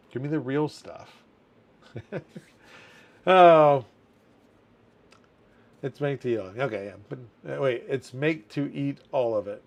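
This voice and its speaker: A man in his thirties hosting a casual livestream chat, reading viewer comments aloud and laughing often. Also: mid-range voice. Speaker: community manager hosting a livestream.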